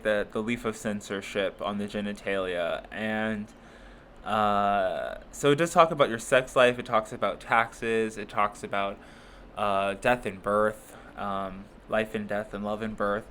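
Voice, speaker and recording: A man's voice: on the low side, a bit bright, a little hiss or hum. A man giving a casual tarot reading, chatty and rambling, with many fillers and frequent laughs. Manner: playful put-on voices for zodiac signs. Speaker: tarot reader.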